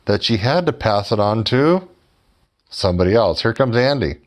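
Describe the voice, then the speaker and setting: A man's voice: on the low side, lively intonation, moderate pace. A man telling a story to his viewers in a sarcastic, mocking way and speaking directly to them as folks. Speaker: YouTuber.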